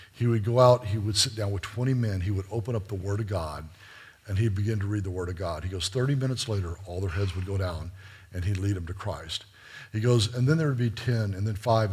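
A man's voice: fairly low pitch, breathy edge. A middle-aged man preaching, telling stories earnestly and addressing the listeners as guys. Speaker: preacher and missionary. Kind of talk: sermon storytelling.

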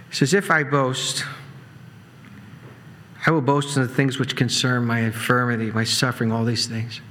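A man preaching a sermon in a conversational way, with asides and quick laughs. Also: medium pitch, fairly even intonation, fairly bright tone, a little hiss or hum. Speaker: pastor. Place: church sanctuary.

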